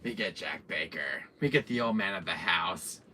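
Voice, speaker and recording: A man hosting a gaming channel, excitedly retelling a game in a casual way, laughing often and restarting sentences. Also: low voice, normal speed.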